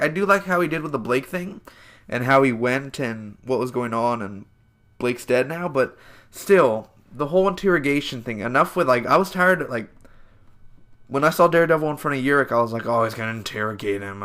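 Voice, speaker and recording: This twentysomething man reviews a TV episode off the cuff, his talk loose and meandering, packed with filler words and corrections of himself. His voice sits in the mid range and has a slightly bright quality. Full of enthusiasm, he speaks to viewers as "guys" and "man."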